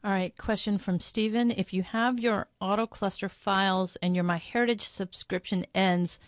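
A woman's voice: medium pitch, fairly even intonation, normal speed, no echo. A woman moderating a live webinar question session, reading out viewer questions in a chatty, informal way and thinking aloud.

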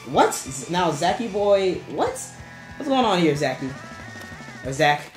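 A male streamer chats loosely over his gameplay, his voice lively and jumping around in pitch as he rambles and jokes. The room has a roomy echo, and faint game music plays underneath. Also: slow pace. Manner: rambling and playful, chanting "garbage" in sudden high squeals. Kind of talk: casual live-stream commentary while gaming.

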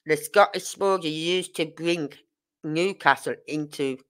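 Brummie lady in her 50s chatting on a live stream, lowish voice but bright and forceful, acts out all the back and forth. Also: a little slow. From Birmingham, England. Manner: animated storyteller acting out dialogue. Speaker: livestream host. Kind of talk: casual live chat.

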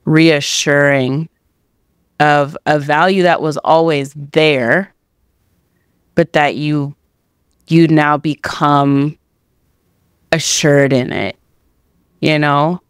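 A woman's voice: low voice, steady tone, clean tone, no echo, clean studio sound. A woman hosting a podcast responds to her guest in a reflective, encouraging way during a casual interview. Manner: reflective and encouraging, drawn-out phrasing. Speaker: podcast host.

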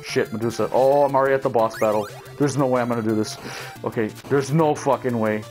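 A young man giving casual gameplay commentary, swearing, shouting at enemies and talking to his viewers as he plays. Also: mid-range voice, steady tone, fast, faint music behind. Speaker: let's play gamer.

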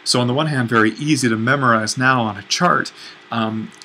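A man gives a recorded lecture in a bright, forward voice. He explains patiently and thinks aloud, pausing on fillers and fixing his own slips. A faint hiss sits under the recording. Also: medium pitch, low-quality recording. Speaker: teacher.

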